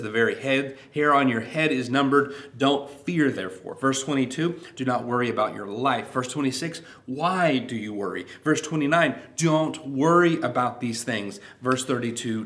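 Man preaching in a measured voice. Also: mid-range voice, fairly bright tone. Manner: measured reading with falling phrase endings. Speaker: pastor. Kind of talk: sermon with scripture reading.

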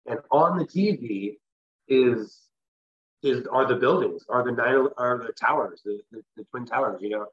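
Husky-voiced man telling a rambling story. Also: mid-range voice, measured pace, highs cut off. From US West Coast. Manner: rambling, with restarts and filler phrases. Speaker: interview guest. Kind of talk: casual storytelling.

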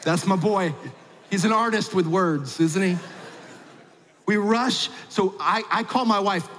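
High-voiced pastor in a reverberant hall. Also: male voice, unhurried, a little hiss or hum. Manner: animated storyteller with big swings in pitch and loudness; humorous asides. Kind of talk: sermon with personal story.

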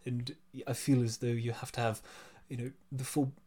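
A Californian man with a General American accent, an actor and voiceover artist talking in a lively, casual way, full of "you know" fillers. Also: mid-range voice, moderate pace, a little hiss or hum. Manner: animated, chatty, many "you know" fillers. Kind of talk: casual podcast chat.

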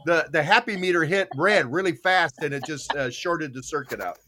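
A man's voice: a little high, moderate pace, bright, forceful tone, slight background noise. An older man hosting a casual morning show, rambling through stories with chuckles and repeated phrases. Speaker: host.

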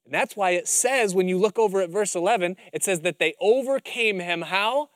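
A man's voice: high voice, normal speed, no room sound, clean studio sound. A male pastor preaching a sermon, telling Bible stories with animation and acting out the scenes. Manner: animated storytelling, acts out scenes.

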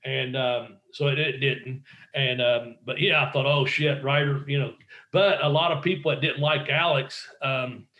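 A man's voice: medium pitch, fairly even intonation, normal speed, echoey room, lo-fi sound. A man, a former pro wrestler, telling rambling, profane anecdotes in a casual interview and acting out quotes.

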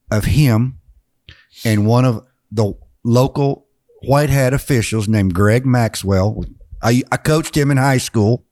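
A man, a former coach, telling a funny story in casual chat and acting out the quotes. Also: mid-range voice. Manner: lively anecdote teller, acts out quotes. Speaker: former high school coach.

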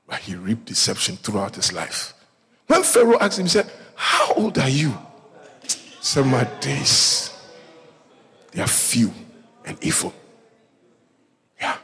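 A male pastor preaching a sermon, telling a Bible story with lively acted-out voices and calling out to his congregation. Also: mid-range voice, breathy edge. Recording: echoey hall reverb.

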